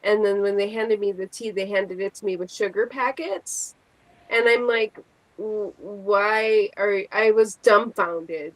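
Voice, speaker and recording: A woman chatting casually as a guest, telling animated stories and acting out what people said. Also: mid-range voice, measured pace, no room sound, poor audio. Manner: animated storyteller who acts out quotes. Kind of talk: casual chat, telling anecdotes.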